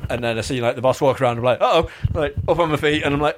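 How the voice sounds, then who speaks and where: Young male co-host, quick and animated, good at doing the voices in his anecdotes. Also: mid-range voice. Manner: animated storytelling, jumping into quoted voices. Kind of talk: casual chat.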